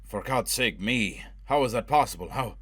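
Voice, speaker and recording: A man's voice: mid-range voice, normal speed, fairly bright tone, breathy edge, no echo, pitched above the performer's own voice. Man playing a relentless, vengeful interrogator. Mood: grim. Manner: harsh, driving interrogation. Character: brutal, obsessed man hunting for revenge. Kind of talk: audiobook character voice.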